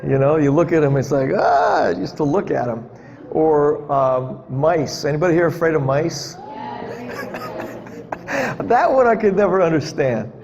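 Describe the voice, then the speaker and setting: A man's voice: a little high, moderate pace, a little mellow, dull audio. A man preaching a conversational sermon to a congregation, joking with them and asking them questions. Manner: chatty, jokes with the congregation, asks them questions. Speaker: pastor. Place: church hall with a live audience. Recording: reverberant hall, faint background noise.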